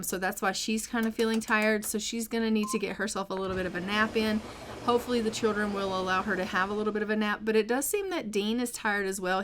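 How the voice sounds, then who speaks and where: Chatty woman narrating a life-sim game. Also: mid-range voice. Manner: chatty, rambling, frequent ums. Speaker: gameplay narrator. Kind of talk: casual let's-play narration.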